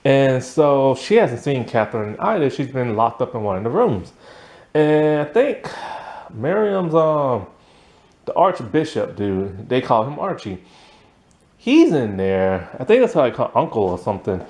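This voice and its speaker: A man's voice: mid-range voice, sing-song, measured pace, darkish tone. Young guy rambling about a show, lots of um and like, voice bouncing all over, chuckles here and there. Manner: rambling, full of ums and likes, chuckling. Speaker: TV series reviewer. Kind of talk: casual spoken review.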